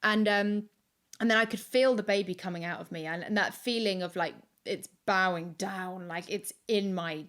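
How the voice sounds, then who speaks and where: A woman's voice: mid-range voice, moderate pace. Chatty woman telling a birth story. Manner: chatty and animated, with self-interruptions and acted-out quotes. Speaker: podcast guest. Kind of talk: casual storytelling. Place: home, recorded remotely.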